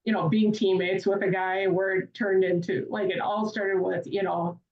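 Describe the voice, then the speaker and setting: Her mid-range voice is level and darkish at a moderate pace as this hockey-loving podcast guest chats her way through casual stories, heavy on filler phrases. The remote recording comes across distant, echoey and dull.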